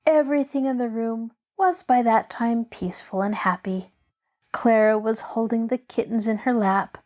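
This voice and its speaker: Woman reading a kids' classic out loud, expressive storyteller, fairly high voice. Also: moderate pace. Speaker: host and storyteller. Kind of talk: reading a classic children's novel aloud.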